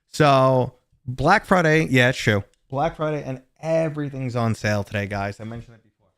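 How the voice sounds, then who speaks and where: A man's voice: medium pitch, normal speed, a bit bright, clean tone, dry recording, clean studio sound. A man in his thirties hosting a casual livestream from home, rambling and chatty as he talks to his viewers. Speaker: gaming livestream host. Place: home streaming room.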